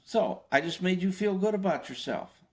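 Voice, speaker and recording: A fairly high-voiced older man talks through his points in a relaxed interview. He keeps asking his listener rhetorical questions and often trips into restarts before pressing on. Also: normal speed. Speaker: interview guest, former FBI agent. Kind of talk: conversational explanation.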